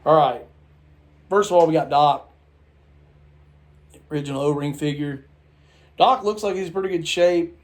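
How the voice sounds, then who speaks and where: A tired man rambling through a casual toy review vlog late at night, halting and restarting his sentences. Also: a little high. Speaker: toy collector vlogger.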